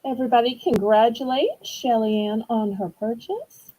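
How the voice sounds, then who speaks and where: A woman's voice: on the high side, normal speed, warm tone, poor audio. A woman hosting a live online auction, describing items in chatty sales patter. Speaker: auction host.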